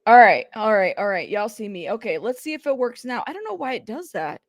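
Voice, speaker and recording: A woman's voice: mid-range voice, very animated, brisk, no echo, clean studio sound. A woman hosting a casual reaction commentary stream, chatty and exasperated, often laughing. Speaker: commentary channel host.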